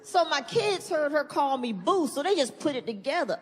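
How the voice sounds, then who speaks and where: A middle-aged woman performing a profane stand-up comedy set, animated and shifting into high acted-out voices. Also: moderate pace, hardly any pauses, slightly rough. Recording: live hall reverb, faint room noise.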